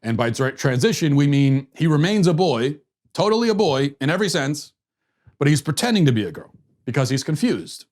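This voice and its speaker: A man's voice: on the high side, big pitch swings, a little fast, a little mellow. A man hosting a political commentary podcast, talking in a sarcastic, mocking way with frequent restarts and repeated words. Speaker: host.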